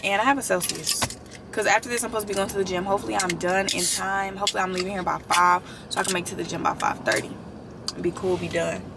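A chatty young woman talks into her phone camera, relaxed and a little sleepy, addressing viewers as y'all. Her voice sits mid-range, with faint noise behind it. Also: mid-range voice, fast talker, gravelly. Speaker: vlogger. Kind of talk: casual vlog chat to camera. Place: in a car and around a mall. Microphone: phone camera held or propped.

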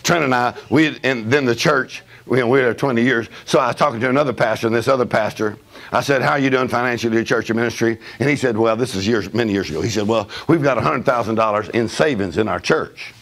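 An older man preaching a storytelling sermon in a church service, animated and laughing, with a punchy preaching manner. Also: medium pitch, fast. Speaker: guest preacher. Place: church service with responding congregation. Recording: live church hall with congregation audible.

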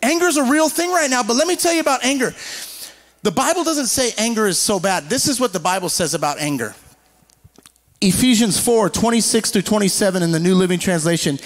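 A man preaching a sermon in an animated way, slowing down to read scripture and acting out quoted people. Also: sits high. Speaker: pastor.

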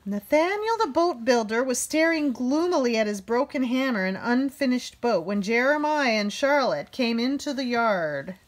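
A woman reads a children's picture book aloud. Her voice sits high and swings widely in pitch as she brings the characters to life with raised voices. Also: lively intonation, normal speed, few pauses. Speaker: storybook reader.

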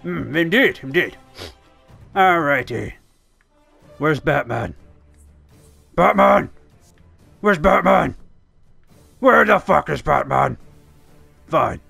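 A gamer giving excitable, sweary commentary over their own gameplay. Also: mid-range voice, takes it slowly, vocal fry, long pauses, breathy edge, soft background music. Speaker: let's play gamer.

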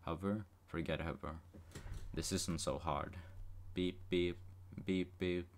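A man reading the part of an earnest male bee hero giving a rallying speech, in a flat monotone. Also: low-pitched, takes it slowly, slight background noise. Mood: deadpan.

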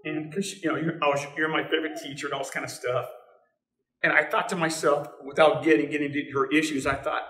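A middle-aged man shares personal stories in a church, talking conversationally and haltingly, with plenty of restarts. His voice is bright and forward. He sounds a little distant from the microphone, with the roomy echo of the church hall around him. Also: on the high side, little pitch movement. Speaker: teacher sharing a testimony. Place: church sanctuary.

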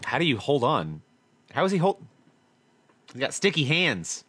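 A man commentating his own gameplay, talking to himself, swearing often and swinging from low muttering to loud frustrated outbursts. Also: very animated, normal speed, slightly rough. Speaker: gaming channel host. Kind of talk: let's play commentary.

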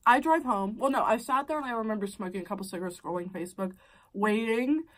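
A woman's voice: medium pitch, quick pace, a bit bright, far from the mic, low-quality recording. A young adult woman telling a personal story casually while eating, blunt and profane, her voice shooting way up when she gets worked up.

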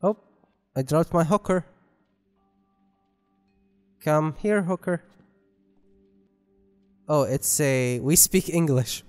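A man's voice: on the high side, expressive, slow pace, pauses often, smooth. A man commentating on gameplay, joking and rambling with self-mocking asides. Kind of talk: let's play commentary. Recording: long reverb with game music.

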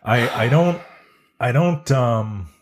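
A man co-hosting a podcast, talking in a halting, exasperated way with many restarts. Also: medium pitch, animated. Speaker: podcast co-host. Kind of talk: casual podcast discussion.

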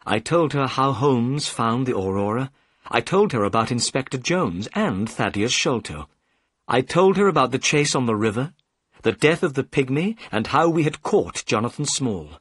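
A man reading a simplified audiobook story for learners in a clear, measured way. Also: mid-range voice, expressive, a bit bright, dry recording, clean studio sound. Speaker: narrator. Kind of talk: scripted audiobook narration for learners.

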